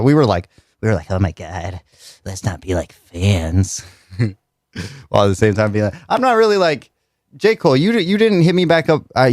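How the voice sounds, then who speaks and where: A man's voice: mid-range voice, no room sound, clean studio sound. A young man, a radio host doing a mocking, joking comedy rant that repeats its lines. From United States. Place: radio studio.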